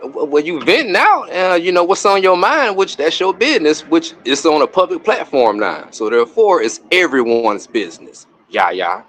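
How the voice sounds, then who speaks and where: A man speaks as a guest on a livestream panel, with a lively voice that rises and falls widely. He argues and lectures, pushing each point back at the host. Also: on the high side, moderate pace, few pauses, slight background noise. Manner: argumentative, lecturing. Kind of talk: livestream debate.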